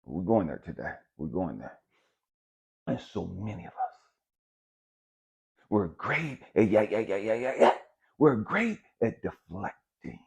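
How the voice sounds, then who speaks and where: A man's voice: lowish voice, very animated, unhurried, vocal fry, long pauses, a little mellow, husky. A man giving a blunt, profane spiritual motivational monologue, repeating his points for emphasis. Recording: dull lo-fi recording.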